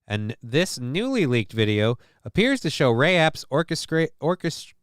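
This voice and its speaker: A man's voice: mid-range voice, big pitch swings, normal speed, few pauses, fairly bright tone, no room sound, studio quality. A man hosting a livestream, chatting casually, cracking crude jokes and reading chat aloud. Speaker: livestream host.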